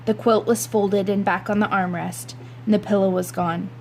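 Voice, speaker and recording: A woman's voice: medium pitch, fairly even intonation, moderate pace, a little mellow, a little hiss or hum, poor audio. A woman reading a novel aloud, narrating in a wry, conversational first-person voice. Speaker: reader.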